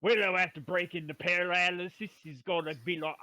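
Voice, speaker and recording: A man's voice: high-pitched, fairly even intonation, brisk, pushed and bright, no echo. Rowdy man recapping a tabletop game. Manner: playful rough-talking brute drawl, "me brother", "we was". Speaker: player recapping the session.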